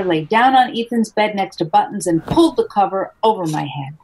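A woman, the author, reading her children's picture book aloud in a gentle, expressive storytelling voice. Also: lowish voice, normal speed, hardly any pauses, noisy background.

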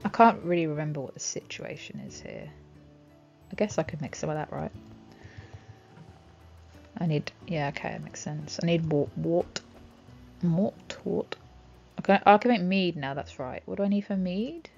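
A woman chatting casually over her gameplay, often giggling and talking to herself. Her voice is low and gravelly, with a creaky edge. Game music sits behind her on a dull, lo-fi recording. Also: normal speed, long pauses, a little mellow. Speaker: gaming channel host. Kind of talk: casual let's-play commentary.

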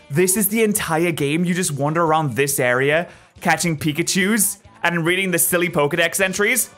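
A man giving excitable, joking gameplay commentary as a gaming YouTuber, yelling at his wins. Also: high-pitched. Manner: excitable, jokey, yells at wins, mock-slow reading.

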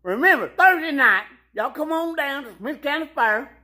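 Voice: sits high, lively intonation, moderate pace, bright, forceful tone. A performer putting on a rowdy, folksy hillbilly man, hollering and cackling while promoting a county fair in a social media video. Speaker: county fair mascot character.

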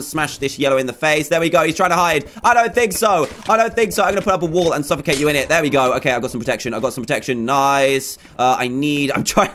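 A man hosting a gaming video, giving excitable let's-play commentary with lots of repeated phrases and panicked exclamations. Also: on the high side.

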